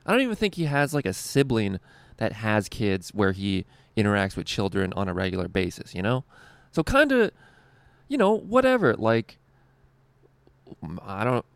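A man's voice: lowish voice, wildly swooping pitch, normal speed, creaky, dry recording. A young man, a stand-up comedian, telling a rambling, profane story with frequent "like" and laughter. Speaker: stand-up comedian and show co-host. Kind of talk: casual storytelling.

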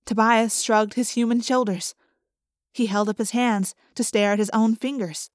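Lady reading an audiobook in first person, kinda high voice, dry close mic, lively storytelling. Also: moderate pace, no echo. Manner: vivid, expressive storytelling. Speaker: audiobook narrator.

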